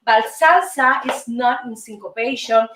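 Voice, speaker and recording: A woman's voice: fairly high pitch, a little slow, fairly bright tone, slight background noise. A woman with a Cuban Spanish accent teaching salsa steps, counting beats aloud and calling out moves in a chatty way. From Cuba. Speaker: dance teacher and show host. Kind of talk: salsa lesson. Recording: roomy, distant mic, music behind.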